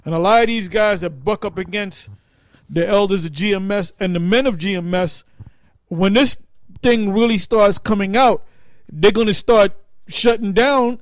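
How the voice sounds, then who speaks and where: A man reading scripture slowly in a sermon, then commenting on it. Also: high-pitched, dry recording. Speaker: preacher. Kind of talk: sermon-style teaching.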